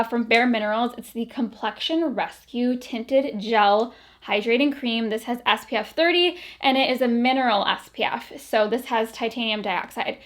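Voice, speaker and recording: A woman with a slightly high voice talks through her favorite products in a chatty, rambling way. She sounds a little out of breath as she goes. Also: fairly bright tone. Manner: chatty, filler-heavy, enthusiastic about products. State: a bit out of breath. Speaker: beauty vlogger. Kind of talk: casual product review.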